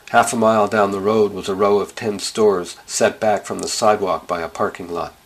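Man, story narrator, deep voice, husky, plain understated delivery. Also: low-quality recording. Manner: plain, understated, blunt with occasional profanity. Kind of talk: first-person story reading.

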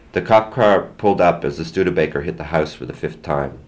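Very deep-voiced older man narrating. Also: fairly quick, a little mellow. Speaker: memoir reader. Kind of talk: first-person story narration.

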